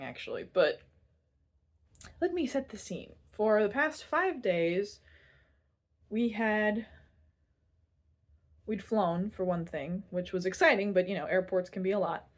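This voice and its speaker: A woman's voice: medium pitch, expressive, unhurried, long pauses. A young woman vlogger telling a personal story in a candid, self-deprecating way, rambling a little and restarting her sentences.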